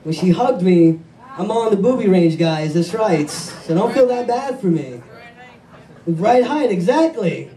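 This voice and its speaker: A man performing a stand-up comedy set, excitable and self-mocking, bantering with the crowd. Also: sits high, measured pace. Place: comedy club stage with audience. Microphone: wireless handheld mic. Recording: echoey club, mic far off, crowd noise.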